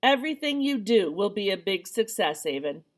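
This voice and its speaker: A woman reading the lines of a gentle, teasing teenage boy in a storybook. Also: medium pitch, very animated, normal speed, close to an everyday voice.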